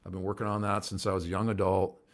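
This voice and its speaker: Indoors at home beside a window, a man with a low voice hosts a casual livestream show, talking fast and flatly to viewers at home. He rambles earnestly and occasionally gets worked up.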